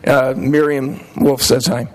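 A man's voice: medium pitch, level tone, takes it slowly, a little mellow, low-quality recording. A middle-aged man giving earnest, talkative public testimony at a city council hearing and arguing back when interrupted. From Portland, Oregon, USA.

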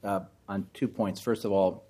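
A man with a low voice speaks as a city commissioner at a council meeting. He is polite but halting, and often restarts his phrases. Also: flat delivery, mellow.

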